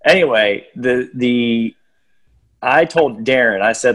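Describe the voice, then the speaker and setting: A man's voice: lowish voice, moderate pace, fairly bright tone. A man hosting a podcast, chatting in a rambling, playful way. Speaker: podcast host. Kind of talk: casual podcast chat.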